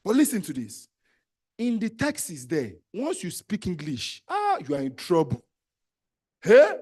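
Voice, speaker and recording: A man with a Nigerian accent delivers a live motivational talk on entrepreneurship, his voice pitched high for a man. He is emphatic and exhorting, repeats commands to his listeners, and drops into Pidgin phrases. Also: wildly swooping pitch, a little slow, darkish tone, husky. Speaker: entrepreneurship trainer.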